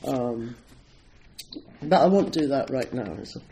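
A man's voice: mid-range voice, lively intonation, takes it slowly, dark tone, a little hiss or hum, poor audio. An older man from Scotland giving a chatty, digressive talk at a Zen centre, laughing often as he introduces a poem. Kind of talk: casual talk introducing a poetry reading.

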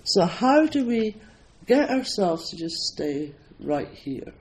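Older man from Scotland, slightly high voice, unhurried, chatty and digressive, easy laughs. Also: sing-song, poor audio. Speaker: speaker at a Zen centre. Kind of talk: casual talk introducing a poetry reading.

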